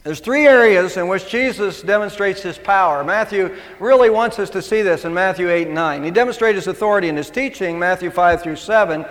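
A man's voice: sits high, brisk, hardly any pauses, a bit bright, in a large hall. A middle-aged male pastor preaching a sermon in a conversational way, with asides and restarts.

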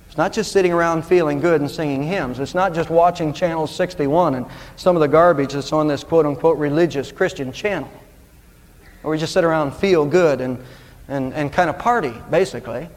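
High-voiced pastor preaching in a hall. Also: male voice. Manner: earnest, emphatic preaching, slows to stress key words. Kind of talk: sermon.

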